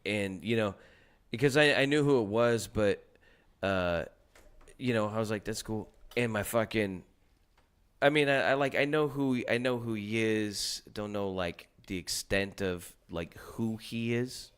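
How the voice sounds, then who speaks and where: A man's voice: lowish voice, measured pace, clear, resonant tone. A man talking in a casual podcast chat, telling rambling, profane stories full of restarts and fillers.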